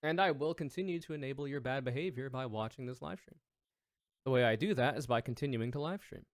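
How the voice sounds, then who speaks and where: A man's voice: mid-range voice, quick pace, no room sound. A man chatting casually on his livestream, rambling and joking at his own expense. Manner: rambling, self-mocking, jokey.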